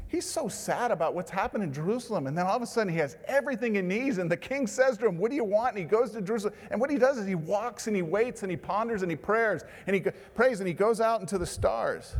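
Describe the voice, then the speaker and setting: A man delivering a sermon with a slightly high voice. He drops to a hushed tone for tender lines and rises to loud, emphatic bursts. His voice rings with a long reverb through a large hall. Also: animated, fast. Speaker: pastor.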